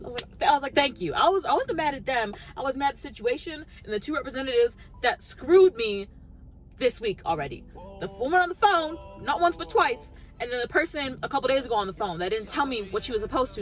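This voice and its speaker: A woman's voice: a little high, animated, fast talker, faint music behind. A woman vlogger telling a story as a casual rant, acting out both sides of her conversations.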